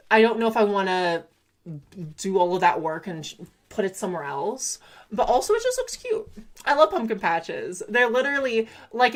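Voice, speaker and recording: A woman's voice: mid-range voice, fairly bright tone. A young woman from California with a Valley Girl accent, chatting casually on a live gameplay stream, rambling with lots of fillers, giggles and self-corrections.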